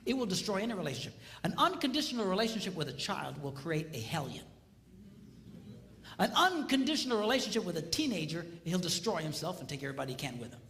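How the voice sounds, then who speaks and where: An older man giving a seminar talk on marriage, animated and acting out voices as he tells stories. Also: high-pitched, quick pace, vocal fry, in a large hall, slight background noise. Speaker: speaker on marriage.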